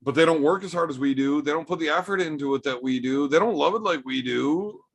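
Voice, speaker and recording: A man's voice: on the high side, fast, vocal fry. A man, an arm wrestler, hosting a livestream in a loose chat style, answering viewers' super chats with blunt, profane opinions.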